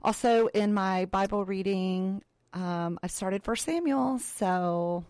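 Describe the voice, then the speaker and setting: Her medium-pitched voice is a little mellow and smooth, and she takes her time, with no echo in the recording. She co-hosts a podcast, chatting casually and telling stories with acted-out quotes.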